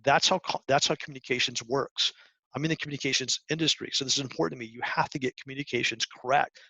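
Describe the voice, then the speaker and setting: A man's voice: mid-range voice, steady tone, fast talker, bright, forceful tone, dry recording. Earnest middle-aged man coaching teens. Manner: earnest, coaching, with frequent restarts and role-played examples. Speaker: guest speaker to high school students. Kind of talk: presentation talk. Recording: dull lo-fi sound.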